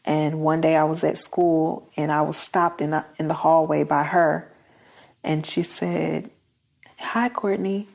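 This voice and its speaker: A woman's voice: deep voice, flat delivery, a little slow, vocal fry, darkish tone. A woman, a guest in an interview, earnestly telling her life story and acting out the voices of the people in it. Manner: earnest, acts out quoted dialogue.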